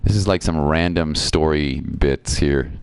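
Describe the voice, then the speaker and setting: A man's voice: a bass voice, unhurried, clean tone, no echo. A man streaming a video game, chatting casually and reading viewer comments aloud. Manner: chatty, reads viewer chat aloud, reacts playfully.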